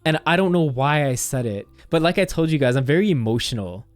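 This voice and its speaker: A man's voice: a little high, lively intonation, brisk, no echo, faint music behind. A young man streamer casually telling a story, rambling with constant "like" fillers and swearing.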